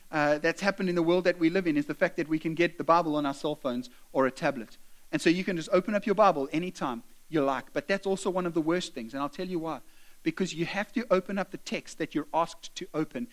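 A man with a notably high-pitched voice delivers a sermon in an earnest, direct way. He exhorts his listeners and breaks into chatty asides. He sounds middle-aged. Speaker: preacher.

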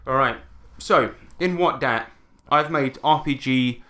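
A man's voice: medium pitch, slow, sharp tone. A man hosting a podcast, chatting casually and swearing freely. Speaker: podcast host. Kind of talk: casual chat.

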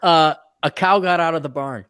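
A man hosting a podcast in casual chat, pitched a little above the usual male range. He tells animated, rambling stories full of restarts, on a dry, close studio mic. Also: moderate pace, clean tone, no echo. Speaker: podcast host.

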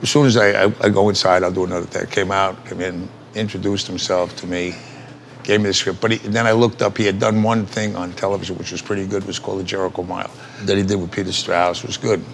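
A man's voice: low-pitched, flat delivery, quick pace, vocal fry, slight background noise. An older man, an actor being interviewed, telling rambling, salty stories and laughing as he goes. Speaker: actor guest. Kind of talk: casual anecdotal storytelling.

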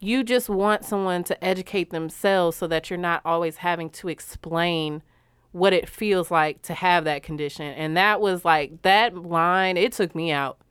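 A woman's voice: fairly low pitch, unhurried, a bit bright, clean tone, dry recording. A woman co-hosting a podcast, talking candidly and animatedly with casual profanity. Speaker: podcast co-host. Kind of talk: casual chat.

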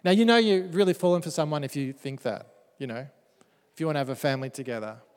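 A man's voice: fairly high pitch, fast, smooth. A man preaching a sermon who reads verses aloud and breaks into playful, joking asides. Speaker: pastor. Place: church hall. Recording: church hall with long reverb.

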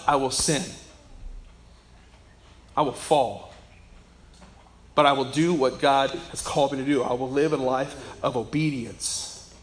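A man preaching a sermon as pastor, emphatic and swinging between loud declarations and soft asides. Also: mid-range voice.

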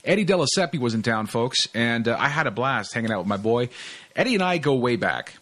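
A man's voice: medium pitch, very animated, a little fast, a bit bright. A man hosting a podcast in casual chat, rambling and laid-back, with lots of fillers. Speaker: podcast host.

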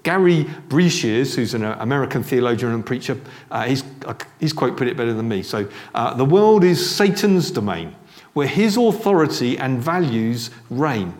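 A man's voice: mid-range voice, big pitch swings, normal speed. A middle-aged man giving a sermon in a church, talking conversationally with restarts and asides. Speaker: preacher.

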